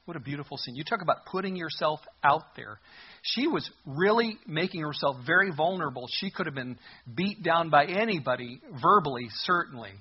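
Man, pastor, expressive sermon, rhetorical questions, raspy, dull recording. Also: a little high, fairly quick. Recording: muffled lo-fi recording.

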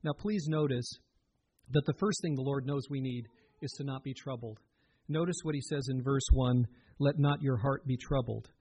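A man's voice: medium pitch, normal speed, mellow, breathy edge. A man giving a sermon as a pastor, earnest and conversational, often turning to the listeners with direct questions.

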